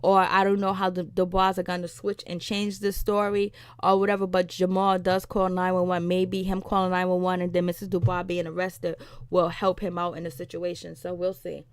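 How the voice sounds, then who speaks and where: A woman giving a casual, animated recap of a TV episode, retelling scenes with laughs and attitude, with some in her speech. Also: on the low side, moderate pace, clear, resonant tone, dry recording, studio quality. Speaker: TV recap vlogger.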